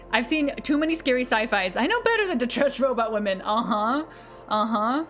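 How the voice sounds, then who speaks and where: A woman game streamer talks loosely to her viewers, quick to laugh and poke fun at herself. Her voice sits a little high, and faint music runs behind her. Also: big pitch swings, fairly bright tone. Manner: bubbly, giggly, self-teasing, reacting to chat. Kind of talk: casual live-stream chat with viewers.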